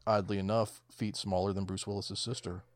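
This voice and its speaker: A man's voice: lowish voice, little pitch movement, a little fast, no room sound, studio quality. A man co-hosting a casual movie commentary, talking in a laid-back, profane way and often trailing off mid-thought. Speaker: podcast co-host.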